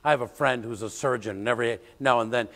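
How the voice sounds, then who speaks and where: An older man, a pastor, preaching a sermon, telling stories and breaking into loud snippets of old songs. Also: medium pitch, fast talker. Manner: storytelling, animated, bursts into loud sung song snippets. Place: church sanctuary. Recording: long church hall reverb.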